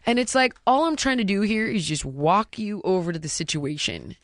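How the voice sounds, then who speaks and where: A woman's voice: medium pitch, very animated, normal speed, no echo, studio quality. A middle-aged woman hosting a podcast, talking candidly and bluntly in casual chat, cursing freely. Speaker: podcast host.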